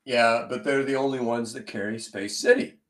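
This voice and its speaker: A man co-hosting a casual sports podcast, talking in a calm, measured, conversational way. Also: medium pitch.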